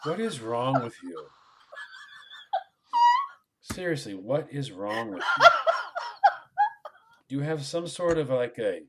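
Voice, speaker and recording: A man's voice: mid-range voice, slow, long pauses, very noisy. A man co-hosting a casual comedy podcast, ranting and acting out silly voices. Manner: animated storyteller who acts out silly voices and rants. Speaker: podcast co-host.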